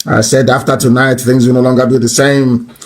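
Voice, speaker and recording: A man delivering an impassioned, mocking political tirade that rises to shouts. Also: mid-range voice, little pitch movement, brisk. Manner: mocking, scornful, rising to shouts.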